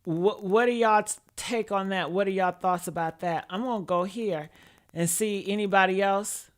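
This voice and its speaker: A woman's voice: medium pitch, normal speed. A woman hosting a live stream, reacting to news clips and talking bluntly and profanely straight to her viewers. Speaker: host.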